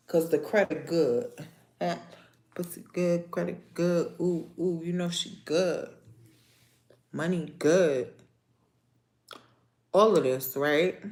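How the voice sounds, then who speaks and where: A young adult woman, hosting a casual livestream and ranting to her viewers in a sassy, animated way. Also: fairly low pitch. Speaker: livestream host. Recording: echoey room.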